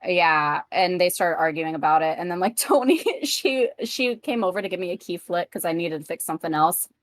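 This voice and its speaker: A woman's voice: on the low side, a little fast, dry recording. A woman chatting casually with her tabletop group, venting about work, swearing freely and quoting her coworkers in a rush. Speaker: player. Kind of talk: casual chat, telling a work story.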